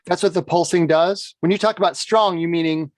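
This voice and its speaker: A man's voice: on the high side, steady tone, dry recording. Man explaining bagpipe playing, dry. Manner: explanatory, measured, frequent "right?" checks. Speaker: bagpipe instructor. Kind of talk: instructional conversation.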